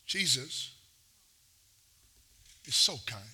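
A man's voice: on the high side, big pitch swings, drawn-out words, sharp tone, husky. A man preaching a sermon, mixing playful asides and acted-out quotes with rising, intense delivery. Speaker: pastor.

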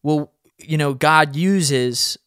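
A man's voice: a little high, very slow, a bit bright, smooth, no echo, clean studio sound. A man hosting a podcast, talking in an earnest, reflective way and counting off his points. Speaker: podcast host. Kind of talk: casual podcast chat.

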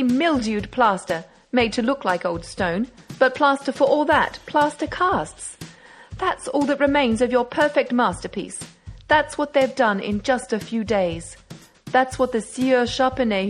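A woman reading aloud as a brash young male amateur detective, speaking with eager, triumphant reasoning. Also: fairly high pitch.

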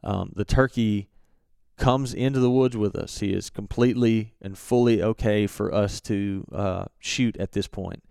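A young man telling a hunting story in a relaxed, halting way with many fillers and restarts. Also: fairly low pitch, vocal fry, clean tone, dry recording, clean studio sound. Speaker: turkey hunter recounting a hunt. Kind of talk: casual storytelling.

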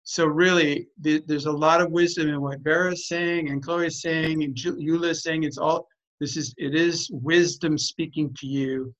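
A man's voice: a little high, steady tone, unhurried, a bit bright, muffled recording. Blunt man coaching a group on a call. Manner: direct, blunt and emphatic. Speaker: group facilitator.

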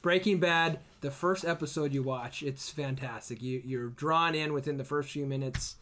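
A man's voice: fairly high pitch, moderate pace, fairly bright tone, slight background noise. A man co-hosting a podcast, talking casually and with enthusiasm about a favorite TV show. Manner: enthusiastic, emphatic praise. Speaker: podcast co-host. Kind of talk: casual chat.

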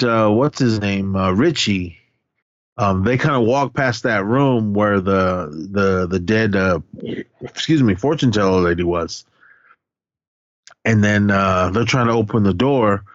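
A man's voice: fairly low pitch, no echo, lo-fi sound. A man casually recapping a horror movie with a co-host, rambling and profane, often laughing and acting out lines.

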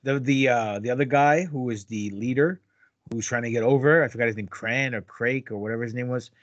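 A man's voice: mid-range voice, fairly quick, dry recording, highs cut off. A man co-hosting a podcast, joking crudely in a loose, casual chat about a TV episode. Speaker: podcast co-host.

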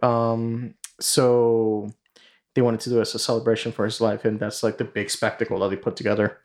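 A man's voice: fairly low pitch, little pitch movement, moderate pace, a little mellow. A man hosting a podcast, casually retelling a story in a rambling way full of fillers and swearing. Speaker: podcast host.

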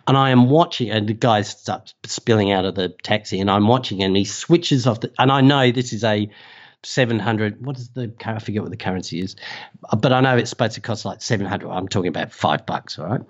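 An Australian man, a travel safety writer, telling a story in a casual, animated way and laughing often. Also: on the low side, fairly quick, lo-fi sound. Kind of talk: casual anecdote.

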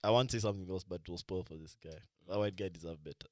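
A man in casual chat about movies, talking in slang with lots of "bro" and often trailing off into quieter asides. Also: low-pitched, rapid-fire, dry recording, clean studio sound.

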